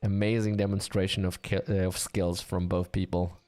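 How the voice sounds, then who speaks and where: A man's voice: low-pitched, little pitch movement, moderate pace, a little mellow, clear, resonant tone. A man casting a live online game match, chatty and joking with his co-caster and the audience. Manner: chatty, joking, easily amused. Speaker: esports caster.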